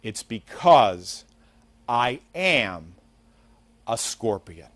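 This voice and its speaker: A man voicing a sly, smooth-talking male scorpion in a spoken fable, dropping his voice low and soft to coax. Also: animated, normal speed, no room sound, lightly acted. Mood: cold. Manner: coaxing, low and hushed.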